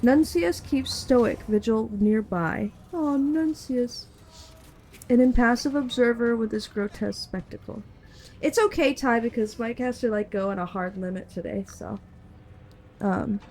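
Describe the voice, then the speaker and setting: A woman's voice: a little high, a little mellow, a little hiss or hum. Chatty streamer woman reading narration. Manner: chatty, quick asides.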